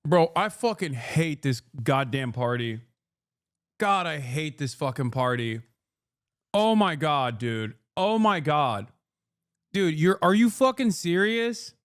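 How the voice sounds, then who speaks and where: A man's voice: on the high side, animated, slow, a bit bright, no echo, clean studio sound. A man hosting a live stream, reacting to clips with exasperated, profane ranting. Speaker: streamer host.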